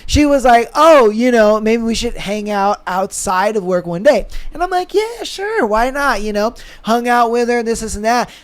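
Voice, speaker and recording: A man co-hosting a podcast, telling a profane story in a casual, animated way with lots of fillers. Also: very high-pitched, normal speed, hardly any pauses, clear, resonant tone. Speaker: podcast co-host. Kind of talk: casual chat.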